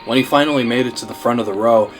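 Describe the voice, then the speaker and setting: A man reading a horror fan story aloud in steady, scripted narration, over background music. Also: medium pitch, rapid-fire.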